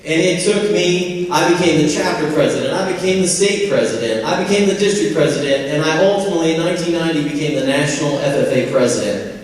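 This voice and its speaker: A man's voice: a little high, fast. A man in his forties from Indiana giving a folksy, humorous motivational speech as a convocation speaker. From Indiana, USA. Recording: echoey hall from far off.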